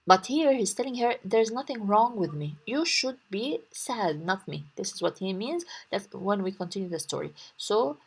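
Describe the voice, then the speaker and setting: A young woman teacher patiently explaining a story word by word in a language lesson. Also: mid-range voice.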